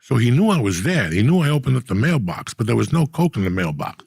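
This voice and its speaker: Gravelly, profane storytelling man. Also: medium pitch, fast talker, no echo, clean studio sound. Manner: profane, animated storyteller acting out quotes. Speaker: podcast host. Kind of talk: casual storytelling.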